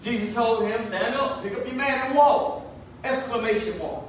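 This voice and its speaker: High-voiced preacher in an echoey church. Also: male voice, normal speed. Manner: emphatic, animated, talks to the congregation. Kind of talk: sermon. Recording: echoey room from far off, faint noise.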